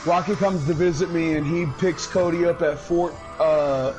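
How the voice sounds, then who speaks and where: A male gaming streamer telling a story in casual chat, loud and profane, bursting into laughter, and high while he talks. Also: fairly even intonation, moderate pace, over music, poor audio. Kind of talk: casual storytelling over gameplay.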